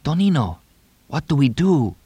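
A man's voice: on the high side, very animated, normal speed, warm tone, husky, no room sound, voice pushed up. A man voicing an anxious, practical young man who talks in earnest, insistent lines.

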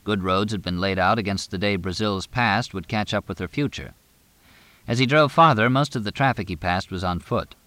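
Low, dry-sounding man narrating a novel at a steady, measured pace. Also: no echo. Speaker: audiobook narrator. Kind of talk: scripted narration.

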